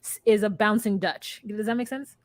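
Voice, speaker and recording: A woman's voice: medium pitch, fairly even intonation, normal speed, no echo. Chatty woman podcast co-host, dry sound. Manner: chatty, rambling recap with filler words. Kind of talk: casual chat.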